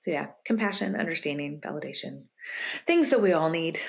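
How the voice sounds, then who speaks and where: A young adult woman with a low-pitched voice speaks as a guest coach on a podcast. She talks casually and at length, and each time she quotes a friend or partner she jumps up in pitch to act the line out. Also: fairly quick, vocal fry. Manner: animated, acts out quoted lines in a raised pitch. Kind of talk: conversational interview answers.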